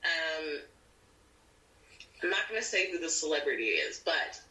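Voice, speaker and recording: Casting: woman actor, bright voice pitched a bit low, guest on a podcast, recorded from a distance in an echoey room. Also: unhurried. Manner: animated, acts out quoted people. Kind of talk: casual storytelling chat. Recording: roomy audio from a distant mic.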